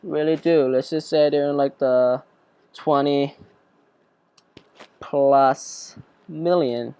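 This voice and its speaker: A young man talks through a software tutorial in a rambling, joking way, wandering off into chatty asides. His voice is smooth and clear, and the sound is close and dry. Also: on the high side, steady tone, slow, dry recording. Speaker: student tutor. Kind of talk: screen-recorded software tutorial.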